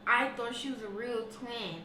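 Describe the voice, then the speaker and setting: Brief: female reactor, slightly high, sheepish and amused, recorded distant and roomy. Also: fairly even intonation, normal speed, bright, forceful tone. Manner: sheepish, laughing along. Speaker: video reactor. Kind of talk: casual reaction chat. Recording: distant echoey room with noise.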